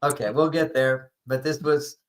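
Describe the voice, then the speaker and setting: An older man, a relationship author, answering in an interview with lively anecdotes and acted-out quotes. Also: fairly high pitch, normal speed, poor audio. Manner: animated anecdotal explaining, acts out quoted lines.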